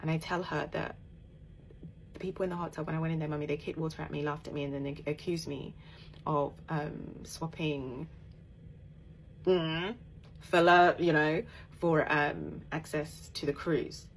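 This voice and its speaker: A woman telling a personal story in a casual, animated way, emphatic and laughing as she goes. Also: deep voice, moderate pace, long pauses, slight background noise. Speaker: author and podcaster.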